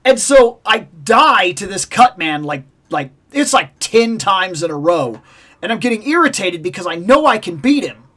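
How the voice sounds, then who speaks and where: A woman hosting a toy collecting vlog, telling a lively, opinionated story about a video game and acting out its sounds. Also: mid-range voice, normal speed. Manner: animated, acts out game sounds and voices; passionate, opinionated about games. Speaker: toy collecting channel host.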